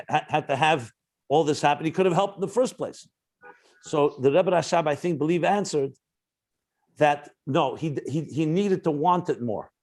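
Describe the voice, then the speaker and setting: A man's voice: fairly high pitch, darkish tone. A man, a rabbi, teaching a spoken Torah class, telling a story earnestly and often restarting his sentences.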